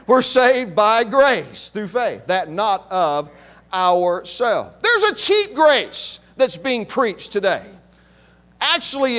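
High-voiced, animated male preacher. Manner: emphatic, repeats key phrases, calls out to the congregation. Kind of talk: sermon.

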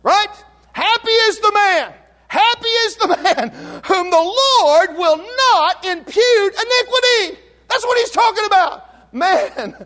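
A pastor delivers a fiery revival sermon in a church sanctuary, his very high-pitched voice shouting some lines and sinking to a hush on others. He calls on the congregation to answer back.

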